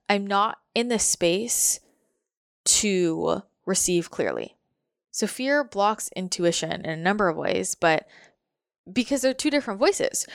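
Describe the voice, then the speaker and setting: A woman's voice: mid-range voice, expressive, measured pace, fairly bright tone, no echo, clean studio sound. A woman giving a casual, reflective motivational monologue, full of fillers like "like" and repeated phrases.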